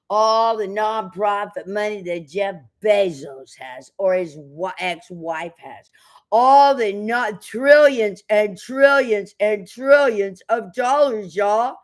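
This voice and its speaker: A woman ranting defiantly into the camera, cursing and preaching, jumping from loud outbursts to low mutters. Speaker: online commentator.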